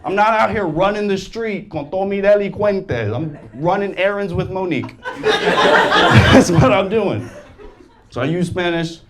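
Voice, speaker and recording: Young man, stand-up comedian, live stage set, animated, laughs while talking, high voice, audience noise clearly heard. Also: measured pace. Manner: animated, jumps into loud exaggerated quoted voices, laughs through lines.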